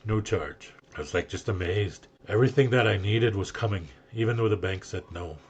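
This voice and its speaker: An older man on a podcast, earnestly telling a personal story and acting out what people said to him, with a husky voice. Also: on the low side, a little fast, muffled recording. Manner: earnest, emotional storyteller who acts out quoted speech. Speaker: guest sharing his story.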